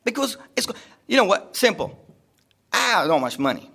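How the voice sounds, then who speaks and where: A man's voice: sits high, big pitch swings, normal speed, vocal fry, sharp tone, husky. A man giving a rambling, jokey talk to a live seminar audience, repeating himself often. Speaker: seminar speaker. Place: seminar room.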